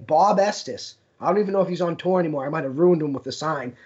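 A man's voice: fairly high pitch, fast. A young man co-hosting a podcast, telling stories in casual chat with a laugh in his voice. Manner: storytelling, laughs while talking. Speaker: podcast co-host. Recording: dull lo-fi podcast audio.

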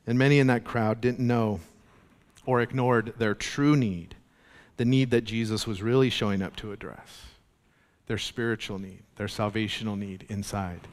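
A male pastor giving an earnest, animated sermon, repeating his points. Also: on the low side, normal speed, big-room sound. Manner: earnest, animated preaching with laughs and repetition.

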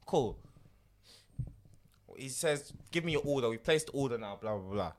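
Lively young man telling a story. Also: mid-range voice, normal speed, slight background noise. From Ivorian family. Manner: animated storytelling, London slang. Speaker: podcast co-host. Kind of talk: casual banter.

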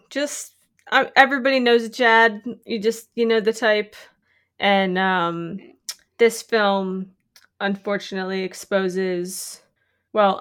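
A woman co-hosting a podcast, chatting casually about a film and laughing often. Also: fairly bright tone. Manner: chatty, laughs often, jumps into high voices for quotes. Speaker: podcast co-host.

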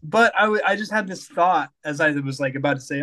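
Young dude with a pretty high voice on a pod, chill and joking around. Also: male voice, a little fast, bright, forceful tone. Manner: easygoing, joking, laughs at own lines. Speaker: podcast co-host. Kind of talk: casual chat.

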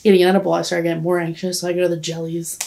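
A woman in her twenties, a podcast guest, tells a long story in casual chat, rambling, giggling, and saying "like" constantly. Her voice is lowish, warm, and creaky, delivered in a monotone at a racing speed.

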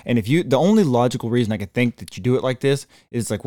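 A man's voice: medium pitch, animated, fast, dark tone, dry recording, studio quality. A man co-hosting a casual podcast, blunt and sarcastic, with frequent swearing. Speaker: podcast co-host.

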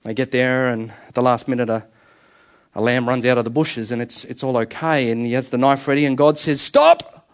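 A man's voice: mid-range voice, little pitch movement, fairly quick. A man preaching a sermon, telling stories earnestly and animatedly with frequent restarts.

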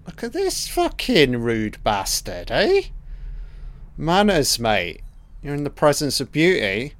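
A man's voice: on the high side, huge pitch swings, takes it slowly, a bit bright. A man giving a casual, profane audio commentary over a film, joking and talking back at the characters.

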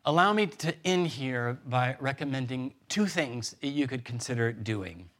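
A man in his thirties preaching a sermon as pastor, earnest and gentle, building emphasis through repetition. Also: mid-range voice, lively intonation, unhurried.

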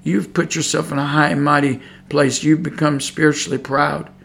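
A man's voice: on the high side, level tone, normal speed, vocal fry, fairly bright tone. A man teaching from the Bible on a podcast, preaching earnestly and emphatically, often repeating himself for stress. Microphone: podcast microphone.

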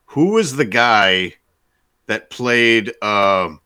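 A man joins a casual podcast chat, enthusiastic and full of praise for others. He speaks very slowly with a bright, forceful tone. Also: fairly low pitch, animated, smooth.

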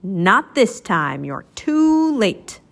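A woman's voice: mid-range voice, very animated, very slow, creaky, heavily acted. A woman voicing a gloating, cackling male villain professor from a storybook.

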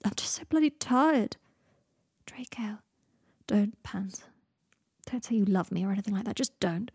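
Brief: female narrator plays a wry, doomed young wizard man; husky tone, close and dry. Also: medium pitch, normal speed, warm tone, no room sound. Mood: weary. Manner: dry, theatrical wit.

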